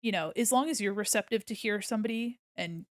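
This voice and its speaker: A woman's voice: mid-range voice, fast talker, dry recording, clean studio sound. An American woman streaming her art, chatting casually and giggling as she thinks aloud while she draws. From United States.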